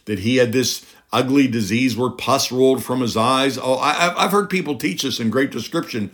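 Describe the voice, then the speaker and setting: A man's voice: medium pitch, fairly bright tone. A middle-aged man preaching a sermon, emphatic, with rhetorical questions and a voice that climbs on key points.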